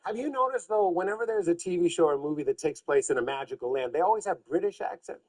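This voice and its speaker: A man's voice: on the high side, fast, rough recording. A man in his forties from Boston, a comedian guest joking through talk-show banter and acting out voices. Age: 40s. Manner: animated, acts out voices, laughs often.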